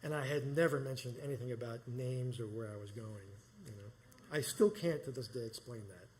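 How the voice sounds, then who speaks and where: A man's voice: medium pitch, fairly quick, a little mellow, a little hiss or hum. A middle-aged man from New York telling a personal story live, rambling and conversational with many restarts. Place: small performance space.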